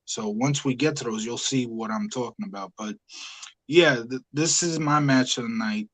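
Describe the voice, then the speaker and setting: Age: adult. Sex: man. Pitch: mid. Role: podcast host. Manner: talkative, easygoing. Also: moderate pace, a bit bright, low-quality recording. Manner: talkative, easygoing, frequent "uh" and "yeah". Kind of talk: casual review chat.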